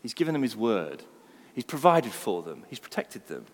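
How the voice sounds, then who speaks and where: A man preaching a sermon, delivering it expressively and swinging between quiet, low passages and loud, ringing ones. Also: very animated, normal speed. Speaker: pastor. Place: large church hall. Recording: long hall reverb.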